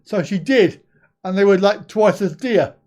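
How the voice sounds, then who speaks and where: A man's voice: high voice, a little slow, darkish tone. An older man hosting a live stream, chatting casually, reading out viewer comments, swearing lightly and laughing often.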